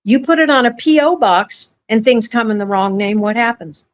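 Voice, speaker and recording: A woman's voice: fairly high pitch, animated, moderate pace, muffled recording. A woman hosting a podcast, telling long, rambling stories and correcting herself mid-sentence. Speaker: podcast host. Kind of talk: casual podcast talk.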